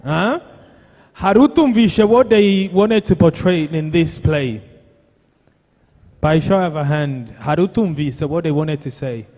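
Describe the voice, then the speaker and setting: A man's voice: fairly high pitch, expressive, unhurried, a little mellow. A man hosting a youth conference, introducing the next speaker and switching between languages. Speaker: event host. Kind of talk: bilingual emcee announcing. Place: large conference hall. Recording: echoey hall, long reverb.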